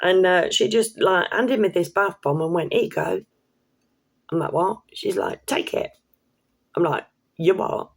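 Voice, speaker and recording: A woman telling a personal story to camera in a chatty, excitable way, with casual swearing and slang. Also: on the low side, a little slow, vocal fry, pauses often, husky. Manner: chatty, excitable, laughs while telling stories. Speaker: vlogger.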